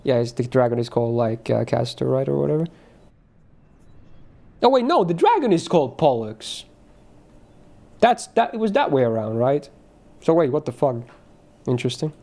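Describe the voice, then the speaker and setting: Male streamer, casual rambling chat, mid pitch, loose and sweary. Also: big pitch swings, moderate pace, gravelly, pauses often, dark tone. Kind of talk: casual chat while gaming.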